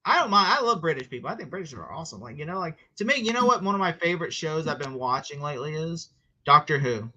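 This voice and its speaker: Bright-voiced American host, rambling chat. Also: male voice, a little high, very animated, fast talker, lo-fi sound. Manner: rambling, chatty, laughing asides and acted-out quotes. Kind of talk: casual livestream chat.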